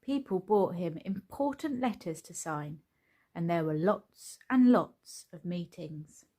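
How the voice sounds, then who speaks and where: A woman reading a children's picture book aloud in a slow, expressive storytelling manner. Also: lowish voice.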